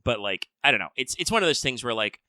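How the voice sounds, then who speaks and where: Animated, rambling bright-voiced man. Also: mid-range voice, fast talker, dry recording. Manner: rambling, animated, lots of "like" fillers and mock voices. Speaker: podcast co-host. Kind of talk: casual chat about games and shows.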